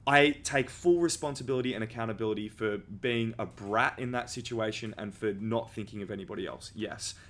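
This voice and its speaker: A man's voice: on the low side, brisk, hardly any pauses, a bit bright. A young man who hosts a podcast. He tells a personal story in a candid, casual way and swears freely. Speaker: podcast host.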